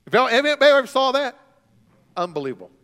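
Animated preacher in a reverberant hall. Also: male voice, very high voice, racing, clear, resonant tone. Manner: animated storytelling, swings from quiet to loud. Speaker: student pastor. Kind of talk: sermon.

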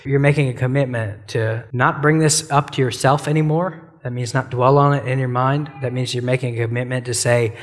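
A man's voice: medium pitch, steady tone, brisk, hardly any pauses, in a large hall. A man teaching on a Bible passage in a casual, conversational way, often saying "like" and "you know" and acting out quoted prayers and apologies.

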